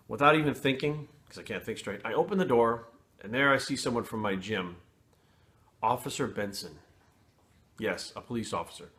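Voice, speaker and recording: A man telling a personal story to camera in casual, blunt and profane talk, pausing and restarting as he goes. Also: lowish voice, bright, forceful tone. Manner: blunt and profane, frequent swearing; candid, with pauses and restarts.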